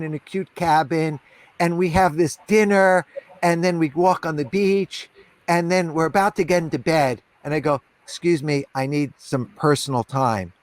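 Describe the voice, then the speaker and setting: A man talking as a podcast guest, telling candid stories with emphasis, repeating phrases and filling with "you know" and "right". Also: a little high. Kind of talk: candid conversational storytelling.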